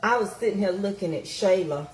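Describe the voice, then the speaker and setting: Here the same middle-aged vlogger talks briskly in a mid-range, slightly mellow voice, with a little hiss or hum on the recording. Cooking in her echoey home kitchen over the sizzle of frying, she chats casually to her livestream audience in a folksy, motivational way.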